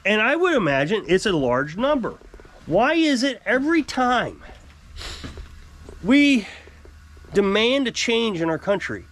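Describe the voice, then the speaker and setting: A middle-aged man talks straight to his viewers in an unscripted, opinionated vlog rant. His voice sits fairly high for a man. He gets animated as he goes and slips into mocking voices when he quotes other people. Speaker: channel host. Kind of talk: casual political vlog rant.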